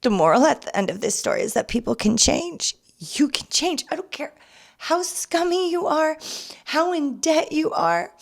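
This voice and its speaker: Earnest young woman, fairly high voice. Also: vocal fry. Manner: earnest and confessional, swinging between soft and emphatic. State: emotional, near tears at times. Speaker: podcast host. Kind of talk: casual personal testimony.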